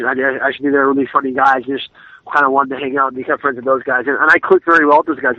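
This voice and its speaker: A man's voice: mid-range voice, bright, forceful tone, no echo. A man in his thirties, an MMA fighter telling laid-back, profane stories in a casual interview. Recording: dull, lo-fi dry sound.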